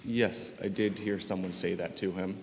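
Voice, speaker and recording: A teenage boy testifying as a witness in a mock trial, giving measured, guarded answers. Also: sits low, steady tone. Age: teens. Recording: echoey hall, long reverb, faint hiss.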